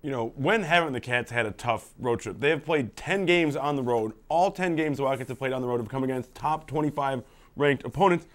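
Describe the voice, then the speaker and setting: A man's voice: mid-range voice, fairly quick. A man giving confident sports analysis on a student TV show, rattling off statistics.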